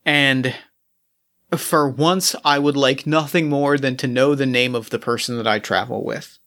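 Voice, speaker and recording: A man voicing a weary ancient king cursed to endless toil, speaking in solemn, measured tones. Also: mid-range voice, fairly even intonation, fairly bright tone.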